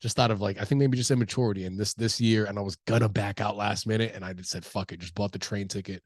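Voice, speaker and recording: Fast and fairly even in intonation, a thirty-something comedian talks alone on his podcast in a fairly low voice, congested from allergies. The loose, profane chatter is captured in a dry recording.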